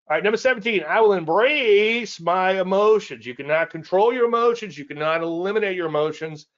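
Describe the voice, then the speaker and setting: A trading educator hosting his weekly live show talks in a rambling, conversational way, chuckling at his own asides, repeating phrases and restarting sentences. His male voice sits on the high side and is a bit bright, moving at normal speed, with lo-fi sound.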